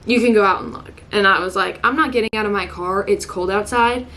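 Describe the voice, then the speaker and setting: A woman's voice: mid-range voice, a little fast, fairly bright tone. A young woman vlogger telling an emotional story in casual chat, tearful and saying "like" constantly. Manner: emotional, heavy use of "like", breaks into laughs.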